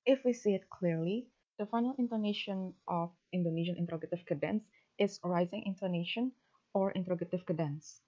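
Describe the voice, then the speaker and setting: A woman with a lowish voice reads a prepared research presentation. She keeps an even, formal delivery and drops in the odd filler. The recording is dull and lo-fi. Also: brisk. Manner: steady, formal reading with a few fillers. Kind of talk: reading a prepared academic presentation.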